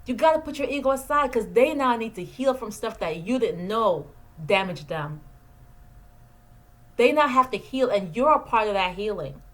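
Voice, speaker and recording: A woman's voice: medium pitch, animated, a little slow, poor audio. A woman in her forties from Jamaica, a therapist, talking earnestly into the camera and repeating key phrases for emphasis. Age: 40s. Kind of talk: direct-to-camera advice talk. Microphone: camera mic, talking into the camera.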